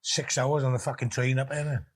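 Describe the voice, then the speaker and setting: A man's voice: medium pitch, little pitch movement, brisk. A middle-aged man telling a story as a guest in a casual chat. He talks colloquially and swears as he builds to the punchline.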